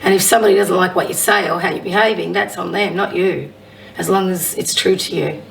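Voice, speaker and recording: A woman with a husky voice, a psychic medium giving a casual oracle card reading and reading affirmations aloud. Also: lowish voice, fairly even intonation, a little fast, distant mic, a little hiss or hum, low-quality recording. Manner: chatty, warm-hearted encouragement, reads affirmations aloud.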